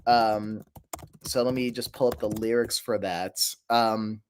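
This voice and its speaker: A man's voice: lowish voice, fairly even intonation, measured pace, a little hiss or hum. A young man chatting casually on a livestream, rambling and laughing at himself, his throat a little sore. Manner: rambling, laughing, self-deprecating. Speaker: streamer.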